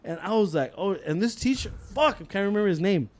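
A man's voice: high voice, fast. A young man co-hosting a podcast, telling a school story in casual chat, swearing a lot and acting out the voices of the people in it. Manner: animated storytelling, heavy swearing, acts out voices. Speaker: podcast co-host.

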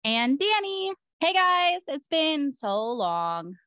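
Woman co-host, bright lively voice, higher pitch, dry close sound, bubbly chatter. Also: slow pace, no room sound. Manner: bubbly, laughs often, many fillers. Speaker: podcast co-host. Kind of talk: casual chat. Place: Arizona.

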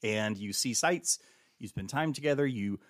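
A man in his forties, a podcast guest telling family stories in a casual, animated way and acting out the dialogue. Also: fairly low pitch, moderate pace, no room sound, clean studio sound.

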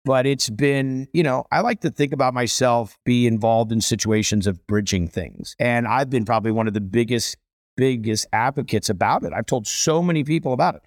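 A man's voice: medium pitch, fairly quick, no echo, studio quality. A middle-aged man, a celebrity chef guest, telling stories with energy and emphasis in a casual conversation.

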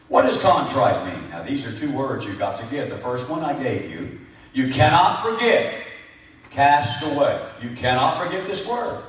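A high-pitched male pastor preaching with repeated phrases and shouted peaks of emphasis. His voice rings through a very echoey sanctuary. The pulpit mic sits some distance from him. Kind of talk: sermon. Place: church sanctuary.

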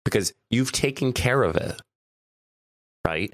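A man's voice: medium pitch, animated, measured pace, no echo, clean studio sound. A man co-hosting a podcast in casual chat, a little stuffy, chatty and laughing often. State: stuffy nose. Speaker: podcast co-host.

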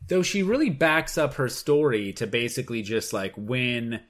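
Pun-loving young man with a lively voice. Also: mid-range voice, normal speed. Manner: wisecracking, pun-loving, dry jokes. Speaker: podcast co-host. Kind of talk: casual chat recapping a reality TV episode.

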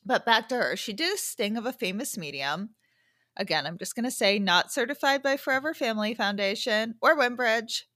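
A woman's voice: fairly high pitch, lively intonation, moderate pace, sharp tone, dry recording. Female podcast host, conversational and frank, dry close recording. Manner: chatty, candid, self-correcting asides. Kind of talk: casual podcast monologue. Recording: dry close-mic sound.

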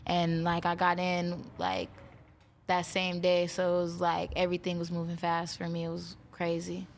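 A woman's voice: lowish voice, completely flat delivery, moderate pace. A woman guest from a reality show, answering interview questions in a chatty way full of fillers. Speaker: reality show cast member.

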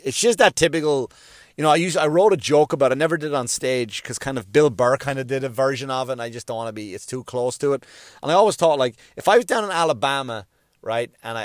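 Profane rambling comedian, dry close sound. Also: male voice, medium pitch, dry recording. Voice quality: profane, rambling, with frequent restarts. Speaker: comedian and podcast host. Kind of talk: casual storytelling tribute.

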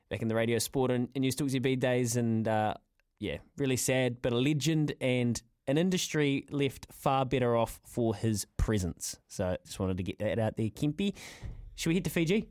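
A man's voice: mid-range voice, darkish tone. A man hosting a casual sports chat, friendly and teasing. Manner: friendly, teasing, quick banter. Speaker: host.

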